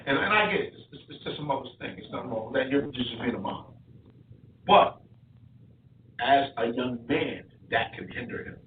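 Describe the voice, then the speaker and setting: A boxing coach in casual podcast chat, telling stories with repeated words and restarts. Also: male voice, mid-range voice, animated, normal speed, a little hiss or hum. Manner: repetitive, storytelling with stutters. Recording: distant, echoey, phone-like sound.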